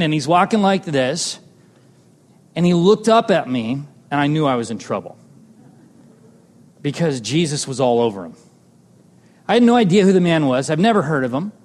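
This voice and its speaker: A man telling a personal testimony as a sermon, animated, moving between loud exclamations and hushed tender moments. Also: fairly high pitch. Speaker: preacher sharing a testimony. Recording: long hall reverb.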